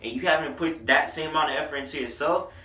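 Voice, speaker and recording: A man reviewing an album in a loose, slangy vlog, getting excited over the lyrics. His voice is bright and a little high. The recording is roomy and sits back from the mic. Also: quick pace, distant mic. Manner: animated, slangy, hypes lines excitedly. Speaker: music reviewer.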